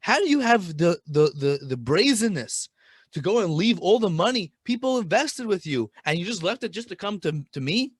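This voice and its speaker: A man putting on a furious, stern old rebbe who scolds at a raised pitch. The figure sounds strained and sharp, set apart from the narrator's plain voice in this spoken story. It is a dry, close recording. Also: big pitch swings, moderate pace, breathy edge, dry recording, exaggerated voice. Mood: angry scolding. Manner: shouting, exasperated rebuke.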